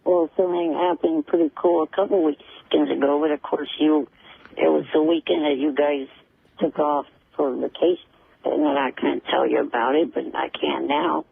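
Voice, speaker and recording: A man's voice: fairly high pitch, steady tone, normal speed, creaky, husky. A man calling into a radio show, lecturing the host in an indignant tone. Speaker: caller. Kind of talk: radio call-in. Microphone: telephone. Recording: tinny phone line with faint noise.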